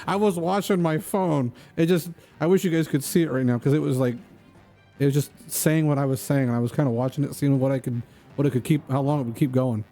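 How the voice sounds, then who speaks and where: A man chats loosely while streaming a game, joking and wandering between tangents. His voice is mellow and unhurried, at an average pitch, and quiet background music runs underneath. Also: fairly even intonation. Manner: rambling, joking, easily sidetracked. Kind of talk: casual chat while gaming.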